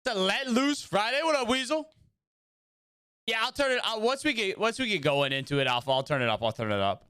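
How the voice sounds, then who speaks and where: A man's voice: sits high, animated, fast talker, bright, forceful tone, clean tone, no echo, clean studio sound. Chatty young man streaming a game. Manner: rambling, chatty, greets and answers viewers. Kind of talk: casual livestream chat while gaming.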